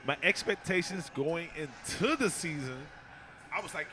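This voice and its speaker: A man guesting on a podcast, an expressive, joking comedian who rambles. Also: a little high, measured pace. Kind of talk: casual chat. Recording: crowded bar background.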